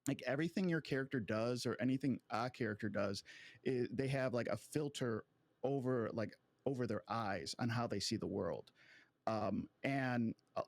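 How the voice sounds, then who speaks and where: A man's voice: mid-range voice, moderate pace, no room sound. A man game master on a panel, talking loosely with lots of fillers and likes a joke. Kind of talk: casual panel discussion.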